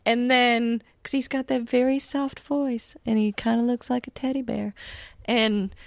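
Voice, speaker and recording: A woman's voice: fairly high pitch, little pitch movement, a little slow, vocal fry, no room sound. A woman co-hosting a podcast, chatting casually and telling playful stories with frequent laughs. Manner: giggly, playful storytelling. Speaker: podcast co-host. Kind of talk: casual chat.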